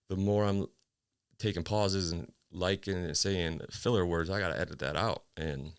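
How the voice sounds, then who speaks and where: Man, 30s, low voice, solo podcast host, rambling, self-deprecating, slightly out of breath, dry room. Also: smooth, no room sound. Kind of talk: casual solo podcast chat. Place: small hot home office.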